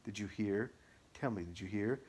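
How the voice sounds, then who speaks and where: A man voicing an abusive, taunting male devil in an audiobook, shrill and whining. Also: moderate pace, a little mellow, breathy edge. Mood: fearful. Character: raging taunting male devil possessing a woman. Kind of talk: audiobook reading.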